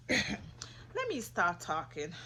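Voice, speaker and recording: A woman casually recapping a reality show, sassy and opinionated, getting loud when she gets passionate. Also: lowish voice, wildly swooping pitch, drawn-out words.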